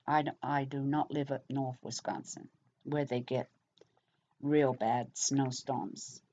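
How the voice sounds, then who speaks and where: Her pitch is extremely low, her delivery flat and slow, with a dark tone. She's a middle-aged vlogger from England, speaking with an English accent and rambling casually to camera, full of fillers, on a dull lo-fi recording.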